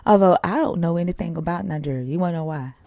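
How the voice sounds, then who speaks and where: A woman's voice: fairly low pitch, fast, mellow, no echo. A woman with a Southern US accent hosts a livestream, bluntly and profanely pressing a caller with questions. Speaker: livestream host. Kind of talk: casual debate with callers.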